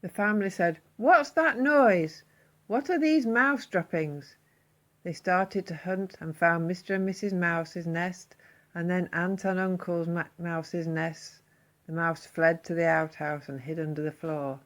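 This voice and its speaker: A woman reading a children's story aloud, expressive and slowing down for emphasis. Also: lowish voice.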